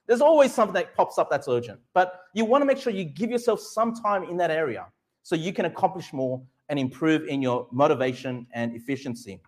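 A middle-aged man with a high voice preaching a sermon. He speaks with emphasis, asking his listeners questions and answering them himself. He draws out the key words of scripture slowly for effect. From Australia. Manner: slows right down to stress Bible verses. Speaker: pastor.

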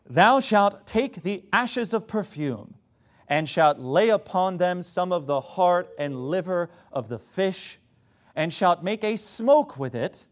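A pompous scripture reader intones in an affected mock-British voice that sits high and swings widely, as a preacher puts it on. The tone is sarcastic and pseudo-intellectual throughout. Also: male voice, animated, slow pace. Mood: mock solemn.

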